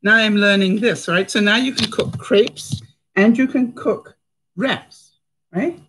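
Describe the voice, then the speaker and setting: A woman's voice: mid-range voice, takes it slowly, a bit bright, poor audio. Chatty woman cooking on a live stream. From Canada. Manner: chatty, laughs often, talks to viewers. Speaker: vlogger. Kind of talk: casual live cooking demonstration.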